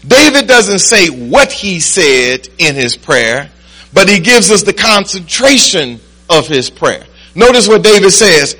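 A preacher man with a high, bright, ringing voice. He works the congregation with call-and-response, sometimes low and close, often building into shouted lines. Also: big pitch swings, unhurried, breathy edge, rough recording. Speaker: pastor. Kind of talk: sermon.

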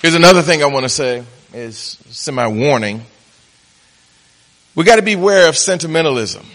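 A man preaching a sermon as pastor, swinging between soft, slow reflection and loud, laughing punchlines. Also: a little high, expressive, long reverb tail.

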